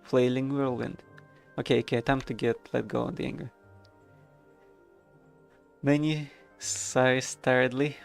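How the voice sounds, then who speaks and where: A man's voice: medium pitch, flat delivery, a little slow, gravelly, pauses often, faint music behind. A man streaming a video game, reading the narration aloud with wry, casual asides.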